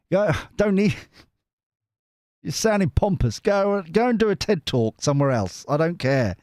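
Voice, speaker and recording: A man's voice: a little high, big pitch swings, normal speed, a little mellow, no room sound, studio quality. Giggly man chatting on a live stream. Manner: chatty, giggly, many restarts. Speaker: tarot reader and live streamer. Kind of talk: casual live-stream chat.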